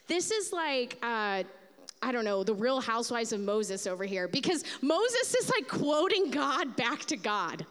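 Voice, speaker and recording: A woman pastor giving a sermon, telling a Bible story in an animated way and acting out its figures. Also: on the high side, a little slow, long reverb tail.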